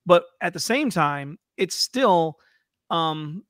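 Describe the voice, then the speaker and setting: Bright-voiced thoughtful podcast host. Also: male voice, a little high, lively intonation, dry recording, clean studio sound. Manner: thoughtful, halting, many fillers. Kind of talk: casual theological discussion.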